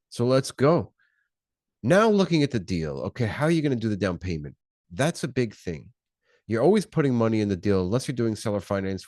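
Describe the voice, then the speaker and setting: A man with a low-pitched voice delivers an unscripted motivational talk on his own podcast. He talks in punchy, repeated phrases and keeps firing questions at the listener. The sound is dry and close, with no room around it. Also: a little mellow, no room sound. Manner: punchy, repetitive, fired-up delivery with rhetorical questions. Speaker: podcast host.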